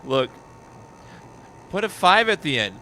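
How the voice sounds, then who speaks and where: Excitable male game streamer, bright and lively. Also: high voice, slight background noise. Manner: excitable, rapid-fire reading of viewer names. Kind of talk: live gameplay commentary.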